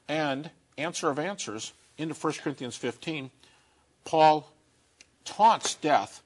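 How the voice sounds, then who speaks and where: A man giving an earnest, conversational talk about grief and faith, slowing down to stress key points. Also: fairly high pitch, lively intonation. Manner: earnest storytelling, slowing down for emphasis.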